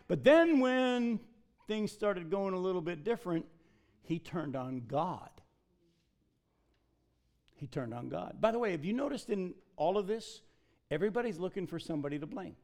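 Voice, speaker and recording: A man preaching a sermon, emphatic and animated, often acting out the people he quotes. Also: high-pitched, moderate pace. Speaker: pastor.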